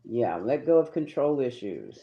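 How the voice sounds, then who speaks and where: A man's voice: mid-range voice, very animated, normal speed, lo-fi sound, a little hiss or hum. A man doing a live tarot reading, chatty and emphatic, talking straight to his viewers. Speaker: tarot reader.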